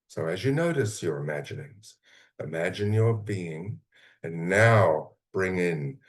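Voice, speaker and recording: A man with a notably deep, low voice leads a guided meditation. He talks in a slow, calm, soothing way, breaking his thoughts into short phrases with long pauses. He sounds middle-aged. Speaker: mentor leading a guided meditation.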